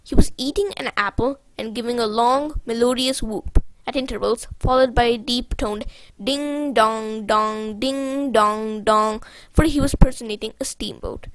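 A woman reading a classic novel aloud, expressive and dropping to a hushed near-whisper on the gloomy passages. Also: a little high, normal speed, few pauses, no room sound, poor audio. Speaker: audiobook reader. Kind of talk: storybook read-aloud narration.

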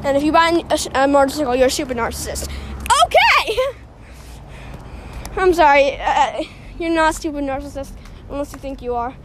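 A young host rambling through a silly, self-mocking podcast while out on a walk, short of breath. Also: female voice, high voice, quick pace, very noisy. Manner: silly, self-mocking, jumps between topics. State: out of breath from walking. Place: outdoors on a walk near a road.

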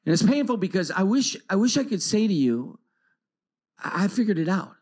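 A middle-aged man giving a personal storytelling talk at a retreat, swinging from loud outbursts to hushed tones. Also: sits high, very animated, normal speed. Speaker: conference speaker.

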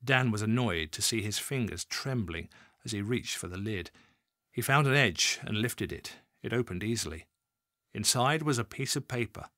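A man narrating a crime audiobook in an expressive, dramatic reading. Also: on the low side, moderate pace, dry recording, studio quality.

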